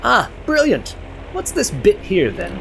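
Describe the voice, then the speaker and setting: A man's voice: high-pitched, wildly swooping pitch, slow, vocal fry, a bit bright, slight background noise, pitched above the performer's own voice, full character voice, poor audio. A man voicing a pompous, jolly British officer with a British accent, in a comic dramatized scene. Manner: pompous, hearty laughing.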